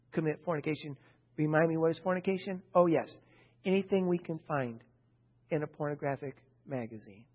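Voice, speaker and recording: A man delivers a fiery sermon in a high voice, swinging from quiet reading to forceful bursts and pointed rhetorical questions. The recording is muffled and lo-fi. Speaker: preacher. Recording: dull, muffled lo-fi sound.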